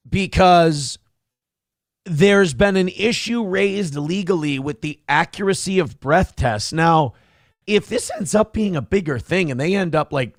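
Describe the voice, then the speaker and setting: Animated, gravelly-voiced male talk host. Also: fairly high pitch, no echo, studio quality. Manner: animated, sarcastic, swears freely. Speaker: morning show host. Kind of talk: casual opinionated chat.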